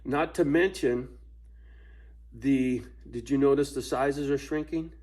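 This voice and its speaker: A man's voice: mid-range voice, slow pace, darkish tone. A man ranting casually to camera at home, profane and laughing often between points. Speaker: vlogger. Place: at home with his dog.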